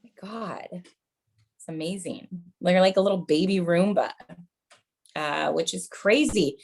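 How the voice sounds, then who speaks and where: A woman's voice: lowish voice, takes it slowly, gravelly, darkish tone. A woman in her thirties doing a stand-up set, chatty and self-mocking, often calling the crowd "you guys". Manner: self-mocking mom jokes. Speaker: stand-up comedian.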